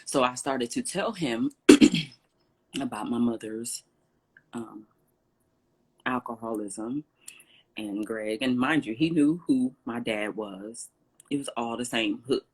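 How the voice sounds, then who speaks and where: A woman guest in an interview telling a personal story in an animated way, acting out what others said and often clearing her throat. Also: very deep voice, slow, long pauses. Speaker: interview guest, salon owner.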